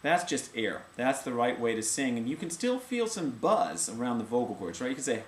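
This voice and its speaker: A man's voice: medium pitch, very animated, moderate pace. Male voice teacher in an echoey room. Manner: demonstrates sung vowels and sounds between explanations. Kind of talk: casual video voice lesson. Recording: echoey room with faint ambient noise.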